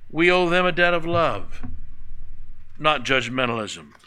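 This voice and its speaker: Male pastor, folksy sermon delivery, bright forceful tone. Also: a little high, very animated, a little slow, clear, resonant tone. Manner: folksy, conversational preaching with rhetorical questions.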